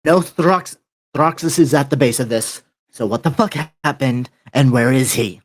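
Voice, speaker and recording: A man's voice: medium pitch, moderate pace, lightly acted. A man voicing a furious male vampire lord who bluntly demands answers. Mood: angry. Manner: blunt, irritated questioning.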